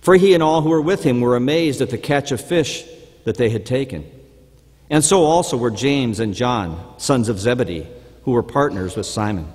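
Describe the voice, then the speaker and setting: A man giving a measured, formal reading of scripture during a church service. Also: mid-range voice, animated, a little mellow. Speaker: scripture reader. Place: church sanctuary. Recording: church hall reverb.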